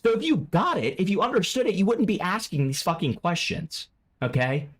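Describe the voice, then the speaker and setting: Reacting to clips live, a man talks briskly, swearing and getting excited, and he breaks into loud, high-pitched outbursts.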